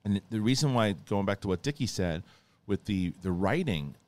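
A man with a fairly low voice hosts a casual podcast chat. He retells episodes in long, rambling runs, restarting often and acting out the quotes as he goes. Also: lively intonation, normal speed. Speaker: podcast host.

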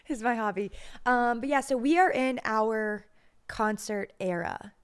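A woman's voice: on the high side, takes it slowly, clean tone. A woman co-hosting a podcast in casual chat, laughing often as she talks. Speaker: podcast co-host.

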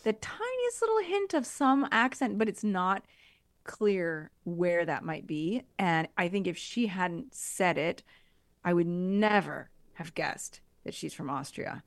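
A woman's voice: lowish voice, animated, takes it slowly, no echo. A woman, co-hosting a podcast in a casual, rambling chat. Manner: chatty, rambling explanations with many fillers. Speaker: podcast co-host.

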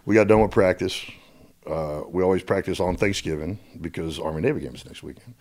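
A middle-aged American man tells stories as a guest in a casual interview. He's animated and brisk with a low voice, and he repeats words when he gets going.

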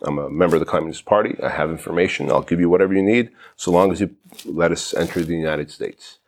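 A man in his forties, originally from Armenia, with a notably low voice. He talks as a podcast guest, animated and blunt, and swears casually. He laughs easily between his lines. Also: fast talker. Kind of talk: casual chat.

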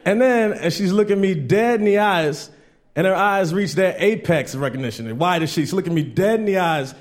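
A man performing a stand-up comedy set on stage, telling stories and mimicking people in animated voices. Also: high-pitched, a little fast.

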